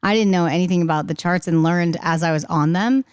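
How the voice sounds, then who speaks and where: Chatty woman, low and smooth. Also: fairly quick, darkish tone, no echo, studio quality. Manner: chatty, laughing, acts out quoted voices. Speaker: singer-songwriter guest. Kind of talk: casual podcast chat.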